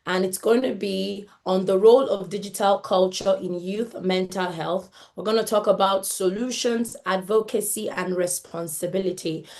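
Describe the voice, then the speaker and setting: Lady hosting an event, gushy and excited, lots of laughing. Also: mid-range voice. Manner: effusive, exclamatory, laughs often. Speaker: event host.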